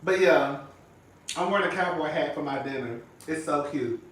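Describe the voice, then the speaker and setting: Chatting casually to his viewers, a flamboyant, sassy male vlogger keeps saying "girl" and "honey" and breaks into song and laughter. His voice is a little high and a bit bright, at normal speed. He's off-mic and far away in an echoey room.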